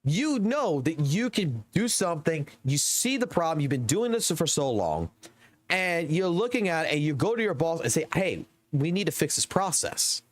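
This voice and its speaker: A man, a game streamer ranting excitedly and swearing heavily to his live chat. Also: fairly high pitch, moderate pace. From Southern United States. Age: 30s.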